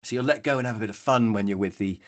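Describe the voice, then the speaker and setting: A man, running a live online training workshop, chatty and lively, calling on attendees by name. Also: fairly low pitch, rapid-fire. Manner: lively, chatty, acts out brief voices, addresses attendees by name.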